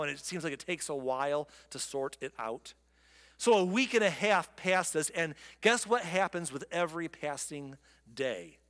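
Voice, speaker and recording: A pastor preaching a sermon, reading scripture and adding conversational, joking asides. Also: male voice, on the high side, fairly bright tone, long reverb tail.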